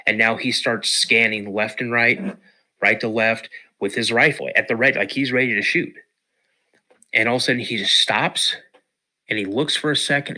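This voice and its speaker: Bright-voiced man telling a story. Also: medium pitch. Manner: animated, repeats words and restarts. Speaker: podcast guest. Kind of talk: casual storytelling.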